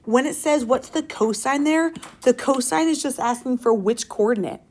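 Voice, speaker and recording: This high school math teacher has a high-pitched voice with a darkish tone and a moderate pace. Lecturing her class, she's upbeat and playful and often asks the students questions.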